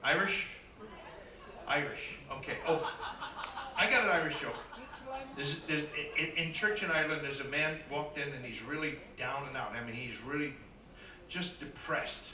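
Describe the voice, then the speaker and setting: A man doing stand-up comedy as a cruise ship entertainer, telling brisk jokes with asides to the crowd. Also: a little high, background noise. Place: cruise ship show room. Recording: echoey room from a distance, live band.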